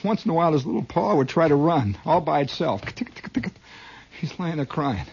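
A man's voice: fairly high pitch, sing-song, moderate pace, husky. A man telling a comic story as a dramatic monologue, adding his own sound effects, on a dull lo-fi recording. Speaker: comedian.

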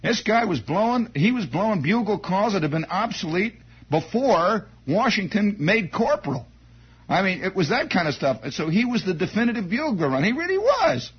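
Husky, lively-voiced male storyteller. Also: high voice, normal speed. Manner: digressive, repeats words, wry asides. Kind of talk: rambling anecdote monologue. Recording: dull lo-fi recording.

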